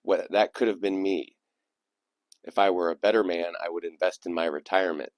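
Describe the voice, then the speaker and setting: Deep-voiced man hosting a poetry reading. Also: steady tone, normal speed, no echo. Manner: reflective, digressive. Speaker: channel host. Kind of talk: casual commentary and poetry reading.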